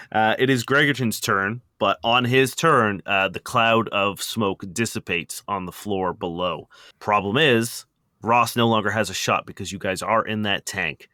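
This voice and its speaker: Bright-voiced male game master. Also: on the low side, measured pace, no room sound, studio quality. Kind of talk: narrating a tabletop game.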